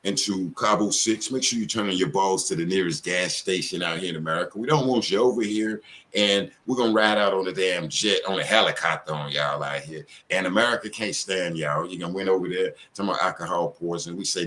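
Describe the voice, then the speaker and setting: A middle-aged man hosting a live stream with a lowish voice. He rambles casually, full of slang and profanity. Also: brisk, sharp tone.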